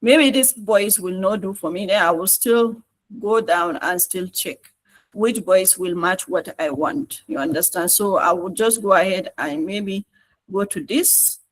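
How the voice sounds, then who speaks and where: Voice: mid-range voice, a little slow, rough recording. A trainer with a Nigerian English accent gives an online tutorial and narrates each step on screen. The delivery is coaxing and repetitive, with frequent checks that the class is following.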